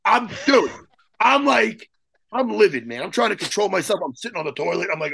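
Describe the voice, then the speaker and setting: A man telling a story as a guest in an interview, excitable and profane, rambling and restarting his sentences. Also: high-pitched, brisk, creaky, husky, dry recording. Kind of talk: animated storytelling in a podcast interview.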